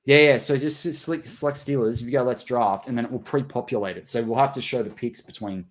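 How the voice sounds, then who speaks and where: A man's voice: mid-range voice, fast talker. A man co-hosting a fan watch party stream, chatting casually about football picks with rambling restarts. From Australia. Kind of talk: casual draft chat.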